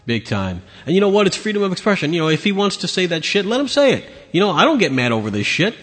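A man's voice: sits high, big pitch swings, fast, fairly bright tone, in a large hall. A man hosting his own podcast, ranting bluntly and sarcastically with lots of swearing. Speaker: podcast host. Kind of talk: opinionated solo rant.

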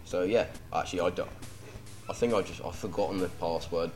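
A man's voice: low-pitched, fairly quick, a little mellow, faint music behind. A young English man hosting a podcast, rambling and self-deprecating, with lots of ums. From England. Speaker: podcast host. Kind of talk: casual podcast banter.

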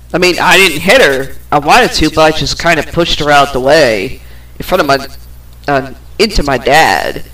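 A woman's voice: low-pitched, a bit bright. A woman hosting a podcast, telling a personal story in a blunt, profane, casual way. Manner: blunt and profane, slow, with many pauses. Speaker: podcast host. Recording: distant from the microphone.

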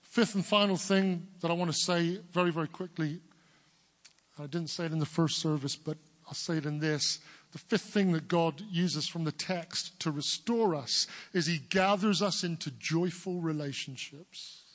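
Booming English pastor preaching. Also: male voice, moderate pace, a bit bright, in a large hall. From England. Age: 40s. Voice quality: big booming voice. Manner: earnest, building to emphatic declarations. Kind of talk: sermon.

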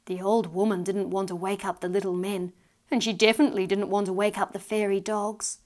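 A woman narrating a storybook tale aloud in a lively, expressive reading voice. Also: mid-range voice, brisk.

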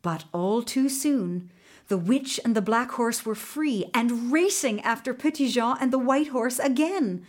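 A woman narrating a children's storybook in an expressive, animated way. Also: fairly high pitch, measured pace. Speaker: audiobook narrator.

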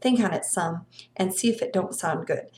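A woman's voice: fairly low pitch, moderate pace, darkish tone, natural voice. A woman voicing an eager seventeen-year-old country boy who talks in a folksy, coaxing way.

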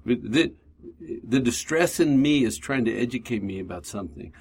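A man's voice: mid-range voice, expressive, moderate pace, darkish tone, a little hiss or hum. A man hosting a faith-based recovery radio talk show, reflective and talking through his inner thoughts aloud.

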